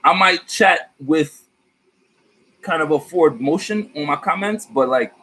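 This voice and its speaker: A man's voice: on the high side, a little slow, low-quality recording. A man reading tarot on his vlog, talking casually about spirit guides with slang, swearing and a rambling manner. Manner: slangy, profane, rambling and animated. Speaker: tarot reader.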